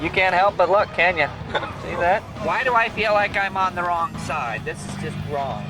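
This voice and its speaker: A man voicing a cranky old grandmother who rides along in a fast car, talking in a shrill, quavering, fussy way. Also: expressive, rough recording. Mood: giddy. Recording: loud music behind the voice.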